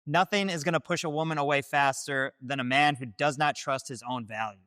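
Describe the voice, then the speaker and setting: A man's voice: mid-range voice, fairly quick, sharp tone, smooth, no room sound, studio quality. A man hosting, delivering scripted dating-advice commentary in a direct, declarative way. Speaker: host.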